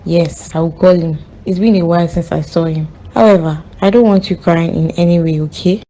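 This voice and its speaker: A woman's voice: fairly low pitch, fairly even intonation, a little fast, dark tone, highs cut off, close to an everyday voice. A woman voicing a soothing motherly Big Mommy. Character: comforting older mother figure, Big Mommy.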